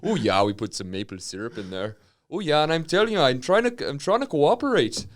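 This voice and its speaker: A man's voice: mid-range voice, big pitch swings, very slow, a bit bright, pitched above the performer's own voice, full character voice. A man voicing a cheery, hardy trucker from the far north with a singsong drawl that keeps saying "oh, yeah.". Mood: goofy.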